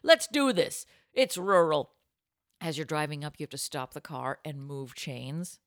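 A woman's voice: low-pitched, very animated, measured pace, no echo, studio quality. A woman co-hosting a podcast, telling a comic story in casual chat and slipping into silly voices. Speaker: podcast co-host.

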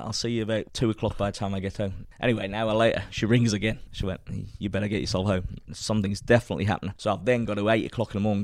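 Fast-talking man telling a story. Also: lowish voice, dry recording, studio quality. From England. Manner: animated, acts out quoted dialogue, laughs often. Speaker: former footballer guest. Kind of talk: anecdotal storytelling.

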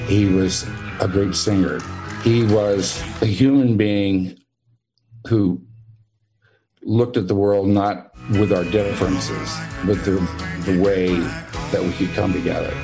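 A man, an actor and producer, giving interview remarks in a halting way, searching for words. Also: lowish voice, steady tone, music in the background, rough recording.

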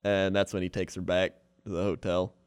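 A man's voice: sits low, flat delivery, brisk, clean tone, no echo, studio quality. A man casually recapping a movie plot, rambling with lots of fillers. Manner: rambling storyteller, many fillers.

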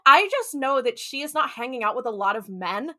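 A woman co-hosting a casual podcast, animated and laughing, acting out scenes in quoted voices. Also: high-pitched, normal speed. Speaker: podcast co-host.

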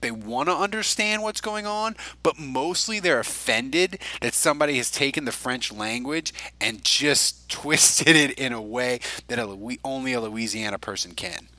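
A man's voice: mid-range voice, moderate pace, few pauses, sharp tone, no room sound, poor audio. A man hosting a podcast, chatting casually in a rambling way, full of fillers and restarts. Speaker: podcast host. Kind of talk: casual chat.

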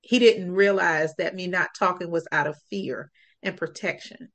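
A woman's voice: on the low side, moderate pace, a bit bright. A woman guest on a podcast, telling a personal story in an earnest, reflective way.

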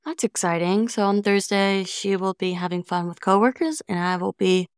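A woman's voice: medium pitch, moderate pace, clear, resonant tone, no echo, clean studio sound. A young woman in her twenties co-hosting a podcast, chatting casually in a sarcastic, self-mocking way. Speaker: podcast co-host.

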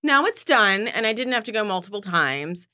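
A woman co-host tells a family story in an animated, chatty way and slips into little voices for each person in it. Her tone is bright and her pitch swings widely. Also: moderate pace. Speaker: podcast co-host. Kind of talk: casual chat.

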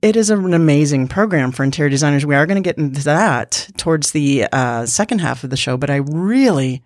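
A woman's voice: low voice, fairly quick, dry recording. Bubbly woman in her fifties, dry. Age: 50s. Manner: bubbly, laughs often, animated. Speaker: podcast co-host. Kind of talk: casual podcast chat.

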